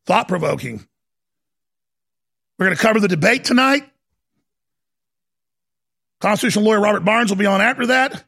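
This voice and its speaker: A man hosting a talk radio show, ranting fiercely and stammering as he swings from shouting to low muttering. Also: animated, moderate pace, gravelly, long pauses. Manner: fiery, stammering restarts.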